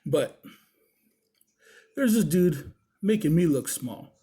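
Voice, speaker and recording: Rich: A husky, mellow-toned man spins a casual story, swearing freely and acting out the back-and-forth in lively bursts. His voice sits a little high for a man, and the delivery is loose and conversational. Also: slow. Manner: profane, animated, acts out the dialogue. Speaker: body piercer and show host.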